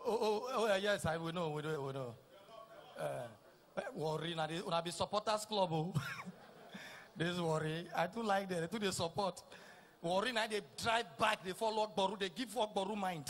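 A middle-aged Nigerian man with a Nigerian Pidgin accent, doing a teasing stand-up routine that repeats lines and shouts punchlines. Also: high voice, normal speed. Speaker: stand-up comedian. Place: live comedy stage.

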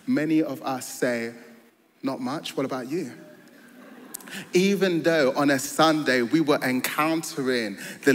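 A man preaching a sermon in a church, earnest and storytelling, building to joyful emphasis. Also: medium pitch. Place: large church hall. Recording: long hall reverb.

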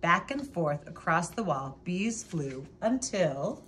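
A woman reading a children's picture book aloud in a lively, expressive way. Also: fairly low pitch, slow, slight background noise. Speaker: storybook reader.

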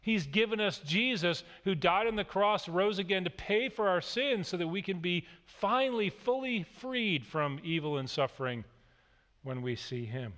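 A middle-aged man preaching in a church, his voice pitched a little high for a man. He reads a passage and then unpacks it earnestly, telling stories along the way. The sanctuary's long reverb trails after each phrase. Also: animated, normal speed, a bit bright. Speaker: guest speaker. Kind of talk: sermon.

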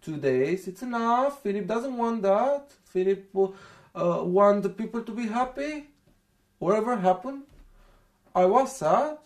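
A young man from Romania with a Romanian accent, speaking in broken English, soft and halting, as he tells a personal account in an interview. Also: high-pitched, animated. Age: young adult.

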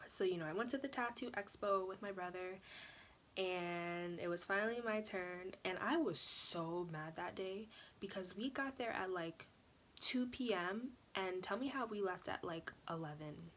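Chatty young woman, low voice. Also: moderate pace, a little hiss or hum. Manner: chatty, animated, fillers like "like" and "you know". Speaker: vlogger. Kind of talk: casual storytelling vlog.

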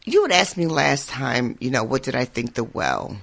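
A man's voice: mid-range voice, sing-song, normal speed, gravelly, fairly bright tone. A man co-hosting a podcast in casual chat, feeling unwell and laughing often. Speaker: podcast co-host.

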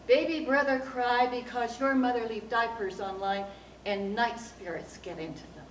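A woman voicing an earnest, superstitious woman neighbor who speaks in halting, broken English, quoted inside a spoken story. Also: a little high, a little hiss or hum, close to an everyday voice. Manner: grave, simple halting phrasing. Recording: roomy room, taped from a distance.

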